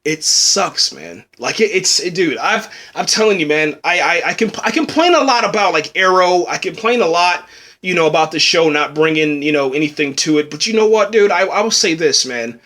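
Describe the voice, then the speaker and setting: A man talks through a TV episode in a loose, rambling way, circling back on his words and tacking "man" onto his sentences. His voice sits a bit high for a man, and he is choked up and close to tears. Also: expressive, moderate pace, sharp tone. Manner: rambling, says "man" a lot, restarts. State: tearful, choked up. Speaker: TV episode reviewer. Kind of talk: emotional casual review.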